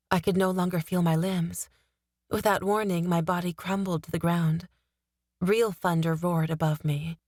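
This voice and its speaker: A woman narrating a fantasy novel in the first person, steady and expressive, on a studio mic. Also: on the low side, no room sound. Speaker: audiobook narrator.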